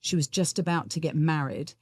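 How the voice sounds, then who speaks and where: Middle-aged actress, low-pitched, candid and quick to laugh; dry studio sound. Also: female voice, lively intonation, a little mellow, husky, no echo. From England. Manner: chatty and candid, laughs easily. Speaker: musical theatre actress, guest. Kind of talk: podcast interview.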